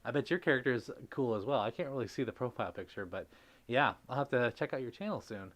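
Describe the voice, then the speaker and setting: A man's voice: mid-range voice, lively intonation, fast talker, fairly bright tone. A man hosting a live stream, speaking in a heartfelt, rambling way with many fillers, greeting viewers and reading chat messages aloud. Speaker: livestream host.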